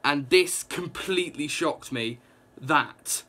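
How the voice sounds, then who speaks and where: A young man with a slightly high voice, talking through a comic in an excitable, rambling way. He piles on "like" and reacts aloud as he recaps, as casual as chatting with a friend. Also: slow pace. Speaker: comic book reviewer.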